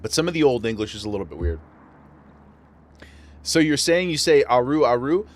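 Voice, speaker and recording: A man's voice: mid-range voice, very animated, a little fast. A man with a western New York accent, chatting casually and laughing often while streaming a game. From western New York region. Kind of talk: casual gameplay chat.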